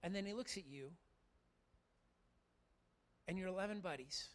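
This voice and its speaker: A man preaching a sermon to his church, animated and talking straight to the congregation. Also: high-pitched, normal speed. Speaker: pastor.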